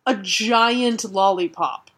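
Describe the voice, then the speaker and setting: A woman's voice: mid-range voice, slow pace, a bit bright. A woman co-hosting a podcast in casual comic chat, sarcastic and profane, laughing often. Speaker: podcast co-host.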